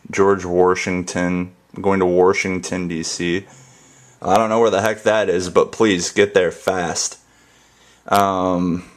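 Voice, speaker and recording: A young man from the northern United States, rambling casually and jokingly through a dialect tag and spelling words out. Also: low voice. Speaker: YouTube creator.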